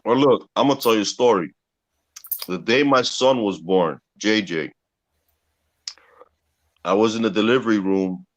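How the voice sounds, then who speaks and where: A man's voice: on the low side, normal speed, pauses often. A man in casual video-chat talk, telling a personal story with heavy swearing. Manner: profane, animated retelling.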